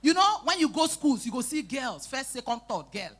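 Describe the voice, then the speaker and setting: A woman with a Nigerian Pidgin accent doing live stand-up comedy, telling animated stories, shouting out acted lines and teasing the crowd. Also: sits high, normal speed, husky, soft background music. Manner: animated storytelling, bursts into shouting and acted quotes, teases the crowd. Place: live event stage.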